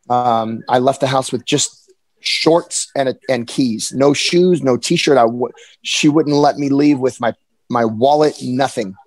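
An earnest young man tells his own story candidly. He has an average-pitched voice and often stumbles and restarts mid-sentence. The sound is dry and close. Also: a little mellow, dry recording, rough recording. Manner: earnest, halting with frequent restarts. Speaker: personal storyteller. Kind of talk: candid personal account.

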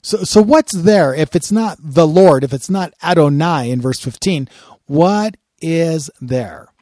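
A man's voice: fairly high pitch, animated, slow, mellow, no room sound, clean studio sound. A man giving a sermon-style Bible lesson, earnest and often repeating words as he starts a phrase. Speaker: Bible teacher.

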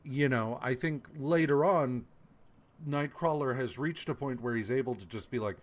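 A man co-hosting a podcast, chatting casually about comics, animated and quick to swear. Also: medium pitch. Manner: animated, swears casually, slips into mock voices. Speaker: podcast co-host.

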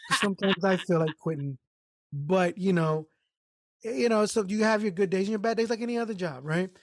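A podcast co-host with a high voice talks fairly quickly, recounting a work story in casual chat. He swears and acts out what people said, keeping the retelling profane and animated. The recording is dry and studio quality.

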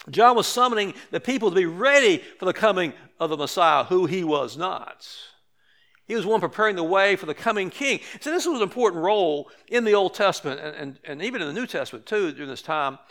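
A male pastor delivers a conversational sermon. His voice sits high and bright. He talks with frequent restarts and asides. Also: expressive, brisk.

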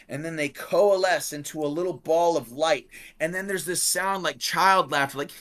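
A man in casual talk show conversation telling a long story, acting out quotes loudly, swearing freely and saying "like" often. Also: fairly high pitch. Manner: animated, acts out quotes in raised voice. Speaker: podcast guest.

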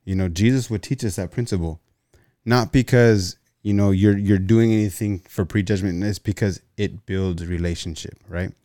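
A man's voice: fairly low pitch, moderate pace, no echo, studio quality. A man preaching a sermon on marriage, telling stories and often repeating words as he goes. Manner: repeats words, storytelling, rising animated in anecdotes. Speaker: pastor.

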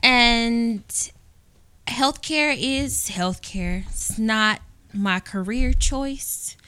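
Slow-talking playful Southern woman. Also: a little high, sharp tone, smooth, no room sound. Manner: playful, talkative, storytelling. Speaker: podcast co-host. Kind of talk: casual podcast chat.

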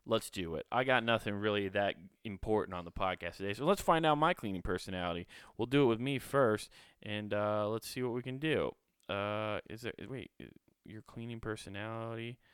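A man talks through his podcast in a loose, rambling way, full of swearing and "uh"s. His voice is low and smooth. The sound is dry and close, with no room echo. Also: a little fast, fairly bright tone. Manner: rambling, profane, lots of fillers. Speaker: podcast host. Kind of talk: casual solo podcast chat.

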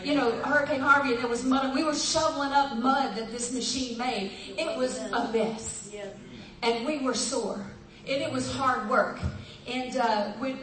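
Woman pastor, high voice, folksy sermon, distant mic, echoey hall, congregation audible. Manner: folksy storytelling with laughter. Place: church hall. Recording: echoey church hall from afar. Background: congregation responses.

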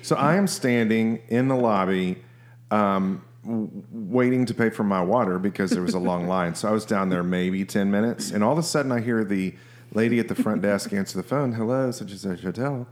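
A man co-hosting a casual podcast in a relaxed, dry-humored way. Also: lowish voice, normal speed. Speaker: podcast co-host. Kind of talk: casual chat.

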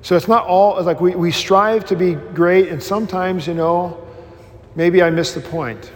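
Male pastor, informal class teacher, restless restarts, animated storyteller, slightly high voice. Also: normal speed, big-room sound. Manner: self-deprecating humor.

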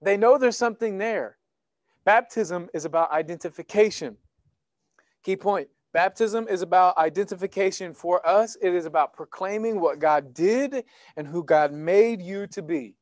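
Animated, high-voiced male preacher. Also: moderate pace, no echo, studio quality. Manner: animated, conversational preaching with sports analogies. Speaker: pastor. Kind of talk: sermon. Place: church sanctuary.

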